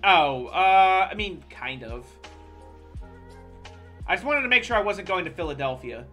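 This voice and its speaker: A streamer giving casual gameplay commentary, profane and quick to break into loud, exasperated outbursts. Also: medium pitch, expressive, highs cut off, faint music behind.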